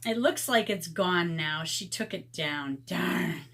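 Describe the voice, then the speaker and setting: A woman's voice: fairly low pitch, lively intonation, takes it slowly, a bit bright. A woman in her fifties chatting casually with viewers in an art vlog, often laughing as she tells stories. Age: 50s. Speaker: art vlogger.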